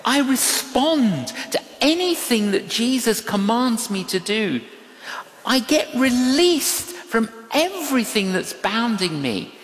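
Slow, lively older preacher in an echoing hall. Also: mid-range voice. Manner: storytelling, emphatic repetitions, quotes dialogue. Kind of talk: sermon. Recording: echoey hall with long reverb.

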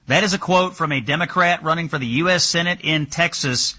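A man's voice: a little high, brisk, pushed and bright. A man hosting a political talk show, speaking in an incredulous, mocking way. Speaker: news show host.

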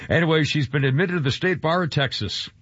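A man's voice: on the high side, fast, fairly bright tone, breathy edge, no room sound. A man hosting talk radio, chatting casually about news items and rambling with many fillers and restarts. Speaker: radio host. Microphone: studio mic. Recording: dry dull radio studio sound.

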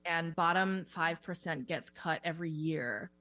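A woman in a relaxed podcast interview, speaking as a career coach in a slightly low voice. She chats loosely with plenty of "like" and small giggles. A faint electrical hum runs under the recording. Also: unhurried, rough recording. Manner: chatty, lots of "like" and "you know", giggly.

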